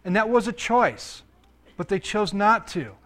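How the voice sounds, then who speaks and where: A man's voice: sits high, a little slow. A man preaching a sermon as pastor and counselor, reading scripture aloud, commenting on it and asking his listeners questions. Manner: animated, asks the audience questions.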